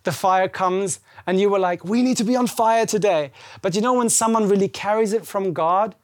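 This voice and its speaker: A man with a high voice preaching a warm, conversational sermon. He talks animatedly and acts out the scripture dialogue. The sound is close and dry, with no room echo. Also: moderate pace. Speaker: pastor. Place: church service.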